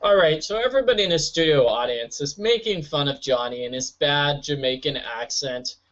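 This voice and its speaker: A man giving chatty, jokey gameplay commentary as a let's-play host. His voice sits a little high. The recording is dull and lo-fi. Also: moderate pace, fairly bright tone. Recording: dull lo-fi audio.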